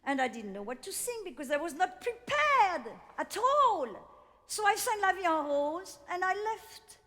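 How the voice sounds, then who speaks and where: Older woman, French accent, one-woman stage show storytelling, theatrical, high-pitched, reverberant theater. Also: unhurried. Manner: theatrical, animated, laughing between lines. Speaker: cabaret performer.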